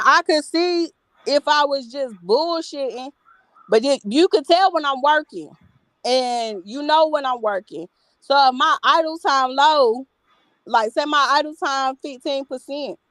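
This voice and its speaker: A woman's voice: high voice, fairly bright tone, dry recording. A woman co-hosting a podcast, venting and telling stories in casual chat. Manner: venting, storytelling about work.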